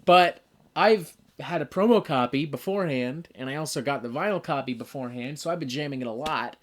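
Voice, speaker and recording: A man's voice: on the high side, a little fast. A man co-hosting a casual chat about albums, enthusiastic and swearing freely. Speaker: co-host reviewing albums.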